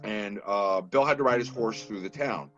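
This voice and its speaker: A man from Massachusetts, a guest on a podcast, telling stories in a casual, animated way with plenty of restarts. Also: on the low side, moderate pace. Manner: animated storyteller, lots of restarts and laughs. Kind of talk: casual interview chat. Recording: dull lo-fi podcast audio with faint music.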